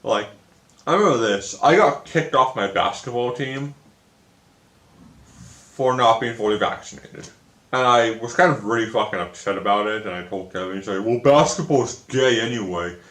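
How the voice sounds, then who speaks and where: A man's voice: on the low side, fairly bright tone. Frustrated young man in an echoey room. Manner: frustrated, swearing often, repeats himself. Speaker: video creator. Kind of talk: casual storytime rant.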